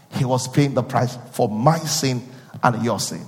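A male preacher giving a sermon, repeating phrases and questioning his listeners, rising from quiet teaching into sung and shouted peaks. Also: medium pitch, slow, big-room sound.

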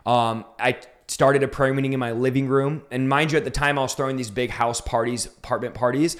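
A man's voice: medium pitch, steady tone, fairly quick. Fervent man preaching his testimony. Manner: fervent, emphatic, rising to intense peaks. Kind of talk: impassioned storytelling in an interview.

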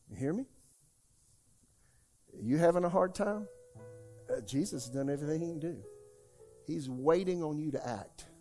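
A male pastor preaching at a church service, telling stories and leading fervent prayer. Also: on the high side. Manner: storytelling preacher, rising to loud fervent prayer. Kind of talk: sermon.

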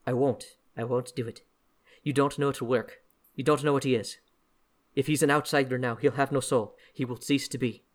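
Man doing a female spirit, put-on accent, defiant, protective, low and intense. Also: steady tone, normal speed, lightly acted. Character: woman spirit, fiercely protective and stubborn.

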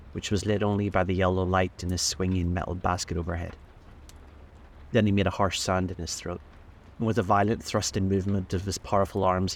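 A man narrating a classic novel aloud as host of a storytelling show, in a measured, steady manner. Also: sits low, a little hiss or hum. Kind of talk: audiobook-style novel reading.

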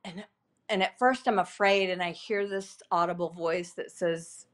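A woman in her fifties, a podcast guest, giving an emotional personal testimony in a halting, repetitive, earnest way with many fillers. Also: fairly low pitch, steady tone.

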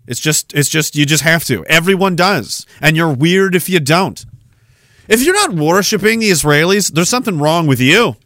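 A man's voice: on the high side, pushed and bright, no echo. Sarcastic man ranting on a podcast. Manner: sarcastic, profane, fast-shifting rant. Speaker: podcast host.

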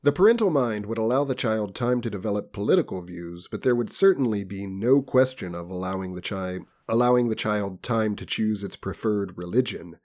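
A man with a fairly low voice reads a book aloud for a comedy podcast. His delivery is mock-solemn and theatrical. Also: a little mellow. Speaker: podcast co-host reading a novel aloud.

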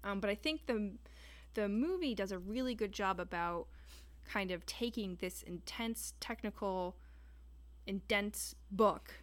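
A woman's voice: mid-range voice, unhurried. Rambling young woman podcast co-host. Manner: rambling, many restarts and fillers. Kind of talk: casual chat.

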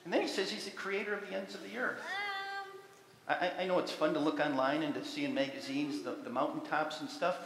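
A man's voice: on the high side, fairly quick, vocal fry, background noise. A man preaching a sermon as pastor, talking earnestly and using many rhetorical questions. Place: church sanctuary. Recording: echoey church sanctuary with long reverb.

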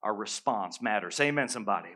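A middle-aged male pastor preaching a sermon, telling a story with humor and animated bursts. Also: on the low side, fast.

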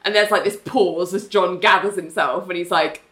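A woman's voice: fairly low pitch, moderate pace. A woman co-hosting a chat show, animatedly retelling TV scenes and acting out the characters' lines. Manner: animated, acts out quoted lines, laughs often. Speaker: podcast co-host recapping a TV episode.

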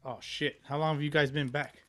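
A man's voice: fairly high pitch, flat delivery, a little fast, pushed and bright, dry recording, clean studio sound. A man hosting a podcast in casual chat, joking and swearing freely. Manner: profane, joking, loose. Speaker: podcast host.

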